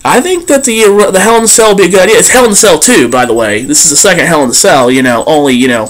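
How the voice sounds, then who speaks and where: A man's voice: on the high side, quick pace. A man ranting bluntly and profanely as a vlogger. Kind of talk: ranting commentary.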